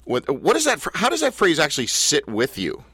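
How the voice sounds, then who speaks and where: A man's voice: fairly high pitch, huge pitch swings, a little fast, sharp tone, slightly rough, dry recording. A man hosting a live radio talk show, candid and self-mocking as he speaks into a studio mic. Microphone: studio microphone.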